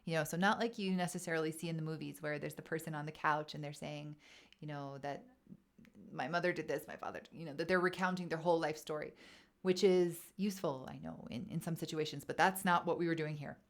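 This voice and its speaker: A woman casually telling a personal story to camera in a vlog, chatty and animated, acting out quoted thoughts. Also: low voice, fairly quick. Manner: chatty, animated, acts out quoted inner voices. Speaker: wellness vlogger.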